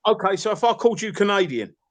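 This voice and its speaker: A man's voice: high-pitched, sing-song, fast talker. A man arguing on an online call, rambling and insistent, full of fillers and calling people fella and mate. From East London. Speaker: participant in an online call-in argument. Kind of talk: heated casual argument.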